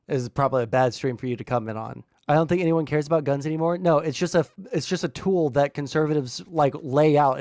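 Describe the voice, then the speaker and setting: A man's voice: on the high side, darkish tone, dry recording, clean studio sound. A young man streaming live, arguing with his chat in an exasperated, rambling way full of fillers and restarts. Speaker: livestream political commentator. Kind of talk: casual livestream rant reading chat.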